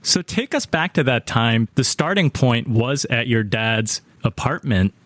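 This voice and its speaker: Male host, animated voice, dry close sound, asking questions. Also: mid-range voice, a little slow, dry recording. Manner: poses questions to the guest. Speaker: podcast host. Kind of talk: interview questions.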